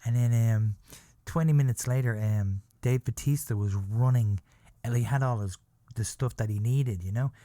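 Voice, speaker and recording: A man's voice: mid-range voice, normal speed, dark tone, no echo, clean studio sound. A man hosting a podcast, telling a story in a rambling, profane, self-deprecating way. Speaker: podcast host. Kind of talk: casual storytelling. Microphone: podcast microphone.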